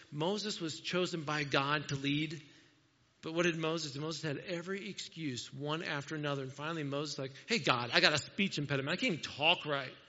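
A man with a bright, fairly high voice preaches a conversational sermon and pokes fun at himself. He is recorded in a large church hall with a long echo, and the sound is a little muffled. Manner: conversational, self-deprecating, asks the congregation questions. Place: church sanctuary.

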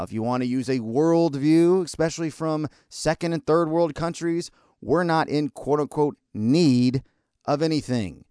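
An American man hosting a podcast, ranting sarcastically and scolding his listeners, at times in a mock calm, soothing voice. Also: on the high side, clean tone, dry recording, studio quality. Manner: sarcastic, scolding and exasperated, hurling insults; mock calm and soothing delivery that breaks into outbursts. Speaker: podcast host. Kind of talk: ranting opinion segment.

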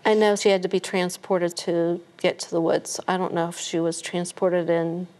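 A middle-aged woman, a guest on a TV interview, recounting events haltingly with many restarts. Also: lowish voice, flat delivery, a little mellow.

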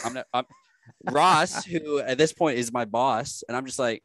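Young man telling an animated story. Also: medium pitch, normal speed, no room sound. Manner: animated storyteller, laughs often. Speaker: sports reporter. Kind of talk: casual sports chat.

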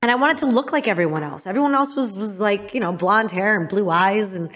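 A woman from Illinois recounts her past as an interview guest, speaking candidly and with emphasis. Her voice sits at an ordinary middle pitch. She goes quiet and low when the memories turn painful. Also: a little fast. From Illinois, United States. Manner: frank and emphatic, drops to a hushed voice for painful memories. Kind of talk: candid personal storytelling.

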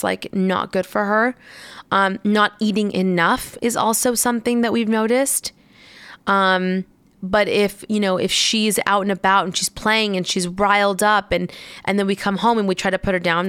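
A woman's voice: medium pitch, vocal fry, a bit bright, clear, resonant tone, no room sound. A young woman chatting casually to viewers as a parent, rambling with many fillers. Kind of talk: casual chat.

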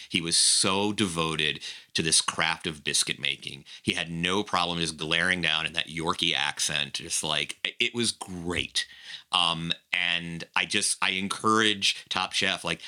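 A man co-hosting a podcast, recapping a show in animated casual chat full of "like". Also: deep voice. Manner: animated, peppered with "like". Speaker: podcast co-host.

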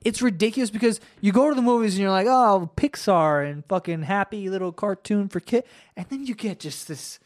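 A man co-hosting a podcast in casual chat, telling rambling, excitable stories with swearing. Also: sits high, brisk. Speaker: podcast co-host.

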